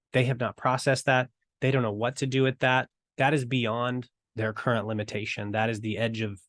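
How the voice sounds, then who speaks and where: A man's voice: medium pitch, no room sound, clean studio sound. A man teaching evangelism in a casual talk to camera, acting out bits of conversation as he goes. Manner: conversational, acts out dialogue in quick asides.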